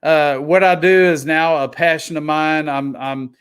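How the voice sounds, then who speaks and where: A man's voice: on the high side, fairly even intonation, unhurried, clear, resonant tone. A man with a Texas accent talking easily as a guest, often repeating words as he starts a thought. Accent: Texan. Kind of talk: casual chat.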